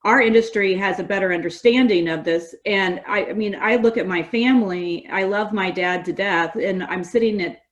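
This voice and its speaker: A middle-aged woman from California, a guest on a podcast, talking in a lively, story-driven conversational way. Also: mid-range voice, normal speed, few pauses. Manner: animated storyteller, quotes others in lively voices. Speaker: guest, gas industry association representative.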